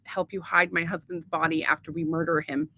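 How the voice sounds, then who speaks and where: A woman's voice: low-pitched, little pitch movement, fairly quick, bright, forceful tone, a little hiss or hum. A woman co-hosting a casual podcast at home, laughing often, swearing, and saying she is tired. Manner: laughing, profane, lots of "like". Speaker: podcast co-host. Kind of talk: casual chat. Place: home, with friends present.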